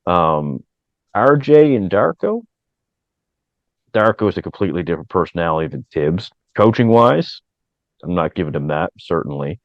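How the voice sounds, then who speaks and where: A man who coaches, breaking down basketball lineups in a measured, matter-of-fact way on a podcast. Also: deep voice, lively intonation, no room sound. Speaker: co-host, coach. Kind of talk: casual sports analysis. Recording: dull, dry sound.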